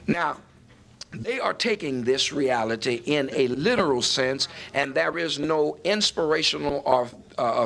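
A man's voice: a little high, creaky, a bit bright. A man preaching a sermon verse by verse, emphatic and building to raised points.

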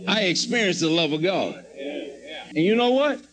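A man with a high voice preaches a testimony sermon. He tells it as a story, acting out his own past words and prayers. His pleading prayers climb to fervent cries. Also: lively intonation, moderate pace, crowd noise, rough recording.

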